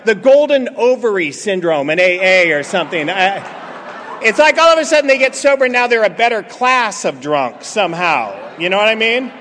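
A man's voice: very high-pitched, fairly bright tone, a little hiss or hum. A middle-aged man telling funny stories to a meeting, acting out bits of dialogue and joking with the crowd. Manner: joking, storytelling, acts out dialogue. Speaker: speaker at a recovery meeting. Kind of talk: humorous recovery talk to an audience. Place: meeting hall. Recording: reverberant hall, audience laughter.

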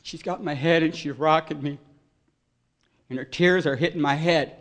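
A man giving an earnest, emotional personal testimony at a recovery meeting, voice swelling loud at its peaks. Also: on the high side, steady tone, moderate pace.

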